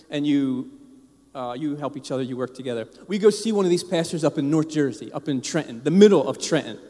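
A man delivers a sermon as an informal personal story, full of asides and restarts directed at the congregation. His voice sits a bit high for a man. The recording picks up the long reverb of a church sanctuary. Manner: casual, animated, many restarts and asides to the congregation. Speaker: pastor.

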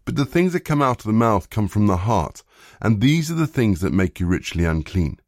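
A man reading the lines of Jesus as a calm, measured male teacher in a plain voice. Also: fairly low pitch, no echo, studio quality. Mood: steady.

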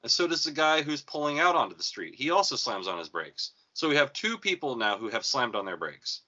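A man telling a story on a podcast, with a very bright, forceful voice. He acts out each quote with swings in his delivery. The sound is dull and lo-fi. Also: medium pitch, big pitch swings, fairly quick. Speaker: podcast co-host. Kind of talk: casual storytelling chat.

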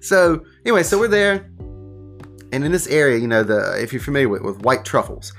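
A man's voice: mid-range voice, sing-song, a little fast, fairly bright tone, faint music behind. A man with a Southern US accent telling rambling stories in casual chat, swearing now and then. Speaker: guest, wine shop owner.

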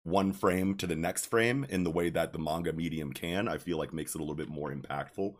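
A man's voice: low voice, a little fast. A man co-hosting a casual podcast, reacting with hyped slang and musing on the manga medium. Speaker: podcast co-host.

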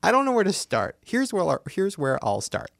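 A man's voice: high-pitched, moderate pace, gravelly, no room sound, studio quality. A young man co-hosting a podcast, chatting casually and comically, telling stories animatedly and acting out what people said. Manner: animated storytelling, swearing, acting out quotes. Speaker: podcast co-host. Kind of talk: casual comedic chat.

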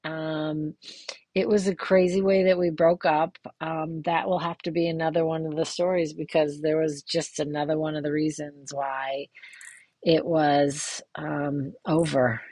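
A woman's voice: low-pitched, flat delivery, unhurried, darkish tone, dry recording. A middle-aged woman hosting her own podcast, talking candidly in a rambling way, with many fillers and restarts. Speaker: podcast host. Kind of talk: casual personal monologue.

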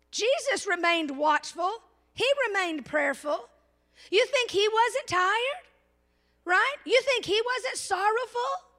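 A woman preacher delivering an animated sermon, asking the congregation rhetorical questions and slowing down to stress key words, with casual asides. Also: very high-pitched.

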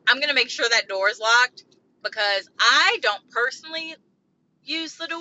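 A woman's voice: mid-range voice, bright, forceful tone, lo-fi sound, slight background noise. A woman hosting a solo podcast, venting about something upsetting in an agitated, profane, rambling way. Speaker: podcast host.

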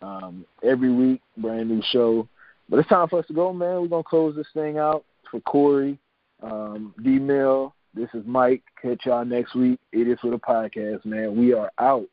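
A man's voice: mid-range voice, normal speed, dry recording, narrow, tinny audio. A man hosting a podcast, chatting casually, often repeating words and laughing as he signs off. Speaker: podcast host. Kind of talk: casual podcast sign-off chat.

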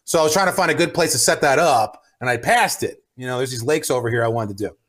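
A man telling a story in a casual podcast chat, swearing freely and acting out his own shouts. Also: mid-range voice, fast talker. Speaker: podcast co-host.

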